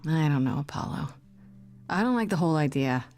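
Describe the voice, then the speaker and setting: Game role: a kind, unsure young newcomer, lowish voice, tentative. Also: female voice, lively intonation, fairly quick, darkish tone, soft background music. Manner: tentative, sympathetic. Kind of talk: video game voice acting.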